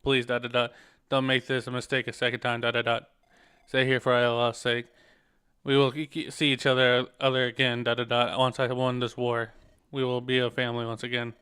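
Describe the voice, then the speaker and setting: A young soldier taking leave of his mother, as a man reads his lines aloud from a game. The delivery is flat and plain, with every ellipsis spoken as a word, in a bright, clear voice. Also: medium pitch, fairly quick, close to an everyday voice. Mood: earnest. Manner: reads game text aloud flatly, saying the ellipses as words. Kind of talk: reading game dialogue aloud on stream.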